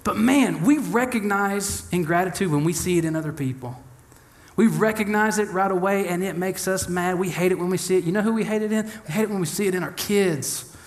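Brisk and high-pitched, a young adult pastor delivers a sermon with lively humor, performing the voices of those he quotes.

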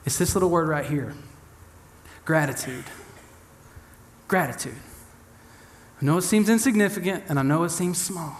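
A young adult man preaching a sermon in an animated, humorous way, acting out the voices of the people he quotes. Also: on the high side, moderate pace, pauses often. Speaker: pastor.

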